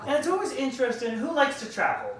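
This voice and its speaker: A man from Canada performing a stand-up comedy set, animated and slipping into quick character voices. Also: very high-pitched, heavy reverb, far from the mic, a little hiss or hum.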